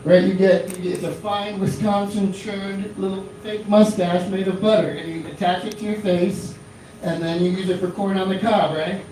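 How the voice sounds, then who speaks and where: A man's voice: high voice, steady tone, normal speed, hardly any pauses, dark tone, slight background noise. A man in his thirties from Florida doing a rambling stand-up comedy set in a small club, full of fillers and restarts. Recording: echoey club from a distant mic.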